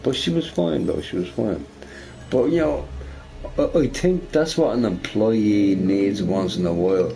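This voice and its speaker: Guy ranting while gaming, kinda low voice, swears a lot, keeps going "right?". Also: expressive, measured pace, vocal fry, dark tone. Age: middle-aged. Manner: rambling, profane, tags lines with "right?". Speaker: shop boss and gamer. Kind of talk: casual rant while gaming.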